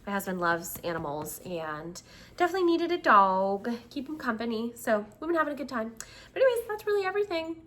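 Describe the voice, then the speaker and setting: A woman's voice: a little high, big pitch swings, fast talker, fairly bright tone. A woman in her thirties from the United States, chatting casually to her viewers, giggly and full of fillers. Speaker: vlog host.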